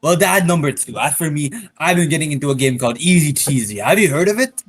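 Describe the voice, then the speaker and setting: A smug demon from a comedy dating game, drawling his lines slowly, as a man puts him on. The voice is husky and sits a little high. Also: expressive, faint music behind. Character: smug demon boy Damien, game character.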